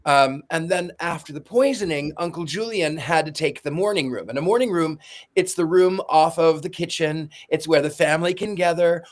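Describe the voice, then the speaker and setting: A man co-hosting a podcast who explains with enthusiasm and wanders into long asides. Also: on the high side. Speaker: podcast co-host. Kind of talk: casual chat.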